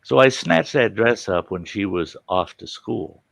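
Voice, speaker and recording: Host, male, gravelly low voice, animated storyteller who does the family voices, dry close sound. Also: unhurried, dry recording. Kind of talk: casual storytelling.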